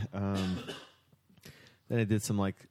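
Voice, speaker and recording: Very deep, mellow man chatting over drinks. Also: slow, creaky, a little hiss or hum. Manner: relaxed, laughs often. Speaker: podcast co-host. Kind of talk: casual chat over drinks.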